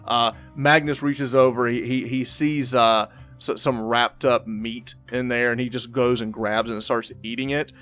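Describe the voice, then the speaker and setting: A male game master describes the scene in a halting, searching way, stopping and restarting often. His voice sits at a middling pitch, with faint music playing behind it. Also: steady tone, fairly bright tone. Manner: halting, with many fillers and restarts. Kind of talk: narrating a tabletop game.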